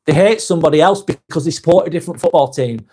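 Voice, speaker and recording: A man's voice: fairly high pitch, fast, a little mellow, breathy edge. A man with a Lancashire accent hosting a live vlog, reading out viewer comments in a blunt, sweary, emphatic way.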